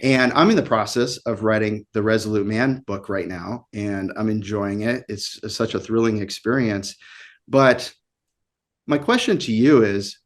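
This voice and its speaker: A man hosts a podcast and puts earnest, curious questions to his guest. His voice is mid-pitched and plain. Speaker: podcast host. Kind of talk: interview questions.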